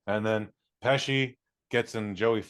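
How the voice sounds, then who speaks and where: A man's voice: on the low side, fairly even intonation, slow, a bit bright, clear, resonant tone. A man co-hosting a podcast in casual banter, a rambling storyteller who laughs easily. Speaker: podcast co-host.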